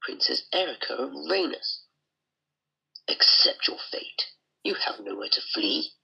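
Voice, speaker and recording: A man voicing a greedy, scheming soldier villain in a video game, sneering and slipping into breathy whispered laughs. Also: medium pitch, big pitch swings, unhurried, bright, forceful tone, highs cut off, exaggerated voice. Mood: menacing. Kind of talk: amateur voice acting over a video game.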